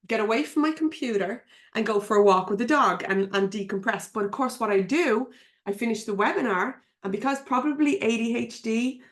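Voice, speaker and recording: An Irish woman giving a live coaching webinar from her computer at home, chatty and frank, laughing often and swearing casually. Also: fairly high pitch. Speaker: business coach.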